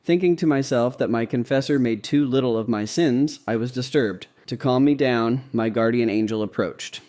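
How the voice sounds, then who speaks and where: A man narrates a devotional diary in the first person, reading at a calm, measured pace. His voice is mellow and darkish, with an even, unhurried delivery. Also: medium pitch.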